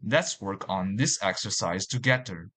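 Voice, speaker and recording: A man narrating a language lesson in a slow, deliberate way, repeating each example word. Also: lowish voice, expressive, pushed and bright, husky. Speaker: language teacher.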